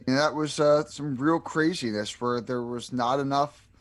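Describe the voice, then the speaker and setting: A man with a Delaware County Philadelphia accent, co-hosting a podcast in relaxed casual chat, leaning on "you know" fillers. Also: mid-range voice, normal speed. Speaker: podcast co-host.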